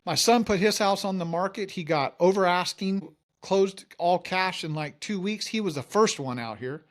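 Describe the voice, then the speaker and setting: A man's voice: sits high, normal speed. A man, a mortgage company founder, telling his story in a casual interview and acting out the dialogue.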